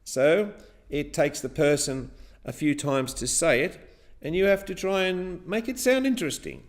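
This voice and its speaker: A man's voice: fairly high pitch, normal speed. A man teaching a class, guiding the pupils step by step through a chanted rhyme with counts and clapping. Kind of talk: classroom rhythm lesson.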